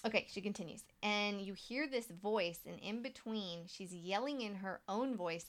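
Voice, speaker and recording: Woman, podcast co-host, casual chat, laughs often, swears freely, mid pitch. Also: lively intonation, normal speed, pushed and bright. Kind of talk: casual chat, reading listener stories.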